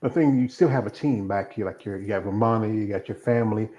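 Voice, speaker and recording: A man's voice: lowish voice, fast, mellow, dull audio. A man hosting a casual interview, rambling and slipping into acted-out quotes. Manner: rambling, acts out quoted voices.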